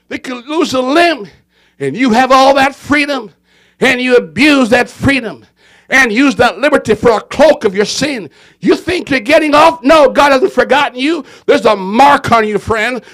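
A man preaching a fiery sermon, swinging between shouting and hushed tones and hammering home repeated phrases. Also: very high-pitched.

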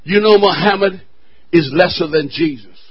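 A male pastor preaching a fiery sermon with call-and-response, building to shouted refrains. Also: a little high, moderate pace, slightly rough, dull audio.

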